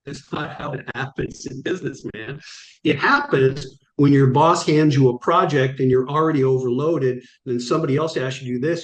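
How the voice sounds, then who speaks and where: A middle-aged man tells his stories with animated drive and acts out the lines of the people in them. His voice sits at an everyday pitch, and the room around him is roomy and echoey. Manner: vivid, acts out quoted dialogue. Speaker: guest. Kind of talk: animated storytelling.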